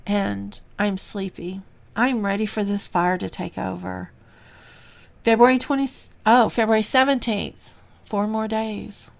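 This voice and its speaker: A woman hosting a reflective spiritual podcast, talking in an unhurried, musing way with sighs and soft laughs. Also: mid-range voice, gravelly. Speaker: podcast host and spiritual teacher.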